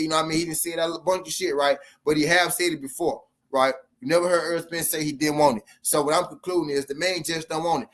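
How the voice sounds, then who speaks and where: Boxing stream host, male, slightly high-pitched, blunt and profane, slangy and repetitive rant. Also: a bit bright. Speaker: boxing commentary channel host. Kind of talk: live-stream rant to viewers.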